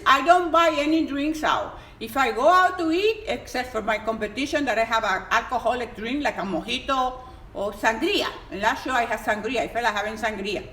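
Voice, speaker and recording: A woman's voice: high-pitched, fairly bright tone. A woman giving health advice on a casual live stream, emphatic and exuberant, sometimes pleading. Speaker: health coach. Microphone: phone on a live stream. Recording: echoey room with faint background noise.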